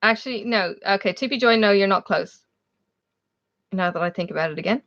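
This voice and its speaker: A woman with an Irish accent hosts a casual livestream from her home in Australia, her mid-range voice moving a little fast. She's chatty, laughs often, and reads out her viewers' names. The stream audio sounds dull and lo-fi.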